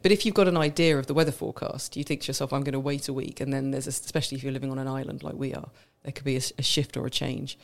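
A woman's voice: rumbling low, fairly even intonation, rapid-fire, gravelly, hardly any pauses. A woman from Britain co-hosting a casual podcast chat, explaining in detail and laughing often. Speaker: wine expert co-host.

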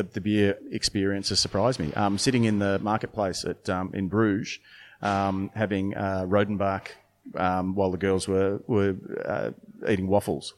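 A middle-aged man, a brewer and beer judge, telling stories in a casual interview with lots of restarts and fillers. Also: deep voice. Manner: rambling storytelling with many restarts and fillers.

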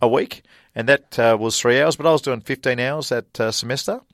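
A man's voice: medium pitch, brisk, dry recording, studio quality. A middle-aged Australian man, a former college golfer, telling stories in a casual interview, chatty and laughing often. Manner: chatty, laughs often, animated retelling with voiced quotes.

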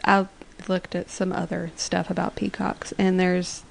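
A woman's voice: on the low side, little pitch movement, unhurried, vocal fry, poor audio. A woman co-hosting a fan podcast in a laid-back way, sharing research from her notes and recapping scenes. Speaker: podcast co-host. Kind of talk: casual fan podcast chat.

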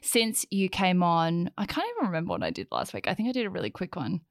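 A woman's voice: fairly low pitch, huge pitch swings, quick pace, dry recording, studio quality. A woman hosting a casual podcast chat, giggly and rambling in long run-on stretches. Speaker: podcast host.

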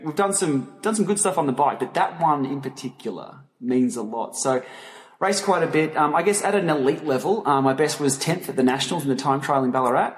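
A middle-aged man with an Australian accent talks casually as an interview guest. He tells his stories in a chatty, animated way. The voice sits in an echoey room with a long reverb tail. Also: a little high, fairly quick. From Melbourne, Australia. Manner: chatty storyteller, lively and animated when retelling anecdotes. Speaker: guest, cycling vlogger and racer.

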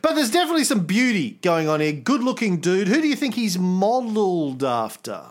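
A man co-hosting a podcast, riffing crudely and comically about art history. His voice sits a little high and swings widely in pitch. He keeps joking and slipping into silly impressions. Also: sing-song, brisk. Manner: profane, riffing, slips into impressions. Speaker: podcast co-host.

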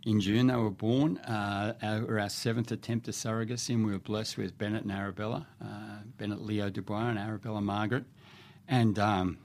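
A middle-aged man talking as a podcast guest in a studio, telling stories in a lively way with frequent restarts. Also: lowish voice, fairly quick. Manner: animated storyteller with frequent restarts. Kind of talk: casual storytelling in conversation. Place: radio studio.

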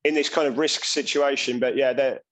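A man co-hosting a trading show from home, talking through market charts with lots of pauses and restarts. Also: medium pitch, steady tone, a bit bright, poor audio. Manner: hesitant, many ums and restarts. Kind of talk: casual market chat.

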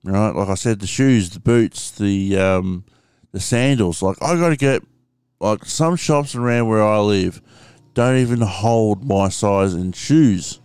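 A man with an Australian accent rambles through a casual home vlog at an unhurried pace, stopping often for ums and dropping in casual swearing. His somewhat low voice comes through very clear and crisp, with a dry, close sound. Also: darkish tone, no echo. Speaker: vlogger. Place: room at home with window open.

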